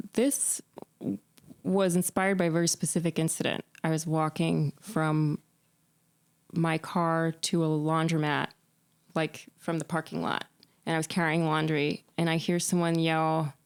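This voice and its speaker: A woman musician being interviewed, telling stories in an animated way, often laughing and restarting her sentences. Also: low voice, unhurried, clear, resonant tone. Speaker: musician guest. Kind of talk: casual interview chat.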